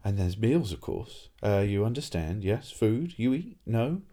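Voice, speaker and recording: A nervous, grasping innkeeper from a storybook, pleading and flustered as he tries to make himself understood, as a man reads him. The voice sits low and mellow. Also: big pitch swings, a little slow.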